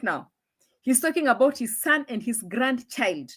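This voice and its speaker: A young woman hosting a casual live stream, chatting and laughing, dropping into low asides, on a phone mic. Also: expressive, moderate pace.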